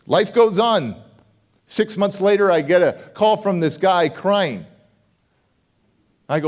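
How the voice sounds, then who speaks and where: On a conference hall stage, a motivational speaker delivers a keynote in a high-sitting, animated, darkish voice, a little slow and with long pauses. He tells a story in punchy style, repeating key words for emphasis and acting out both sides of the dialogue.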